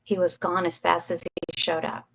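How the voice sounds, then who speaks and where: A woman's voice: on the low side, flat delivery, normal speed, creaky, fairly bright tone, a little hiss or hum, rough recording. A woman, a guest in an interview, telling a personal story in a chatty way with frequent ums and light laughs. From Texas coast, USA. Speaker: interview guest, psychic medium.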